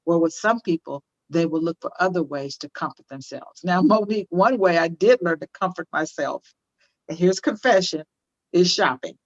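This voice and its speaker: A woman's voice: fairly low pitch, moderate pace, muffled recording. Older woman, emphatic teaching tone. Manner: emphatic, repeats phrases for stress. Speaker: interview guest on parenting. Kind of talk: conversational interview, teaching tone.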